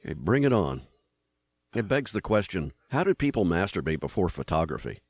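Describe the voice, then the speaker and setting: A man's voice: deep voice, very animated, fairly quick, slightly rough, no echo. A man co-hosting a podcast, trading crude wisecracks in casual banter. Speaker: podcast co-host.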